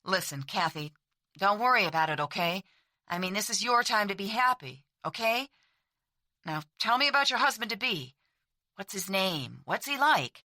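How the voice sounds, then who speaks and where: A woman voicing an eager, brisk soldier who is the heroine's older brother. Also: mid-range voice, lively intonation, dry recording, studio quality. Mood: falsely bright. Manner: eager, brisk, falsely bright.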